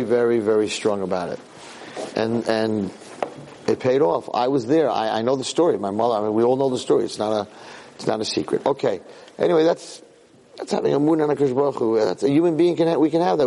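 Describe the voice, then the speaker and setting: A man giving a fervent Torah talk as a rabbi, telling stories with animated energy that builds to shouting. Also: mid-range voice, a little hiss or hum. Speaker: rabbi teaching students. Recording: long hall reverb.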